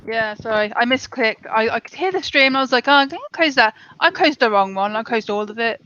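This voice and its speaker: A woman joins a livestream, chatting in a rambling, self-mocking way with a high, lively voice. Her audio is dry and dull, like a lo-fi online call. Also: brisk. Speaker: livestream guest. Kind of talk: casual livestream chat.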